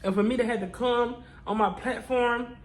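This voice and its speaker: A woman's voice: fairly high pitch, steady tone, normal speed, rough recording. A tearful woman vlogger talking to her viewers in an emotional confessional vlog, repeating herself in a prayerful, testifying way.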